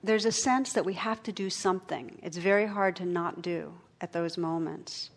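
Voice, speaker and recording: A middle-aged woman giving a meditation talk, telling stories and jokes with gentle pauses. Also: lowish voice. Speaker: meditation teacher. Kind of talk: dharma talk.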